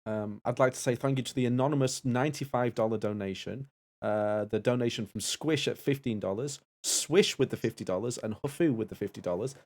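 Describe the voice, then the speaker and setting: A man co-hosting a live stream, reading out donations in a brisk way. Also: medium pitch, a little mellow. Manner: brisk, reads donation lists. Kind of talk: casual live-stream chat.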